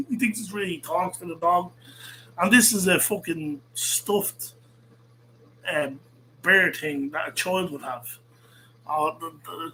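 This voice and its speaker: A man's voice: on the high side, bright, forceful tone, a little hiss or hum, rough recording. Blunt, profane man ranting. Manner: blunt, profane, rambling with restarts. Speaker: host. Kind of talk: ranting monologue.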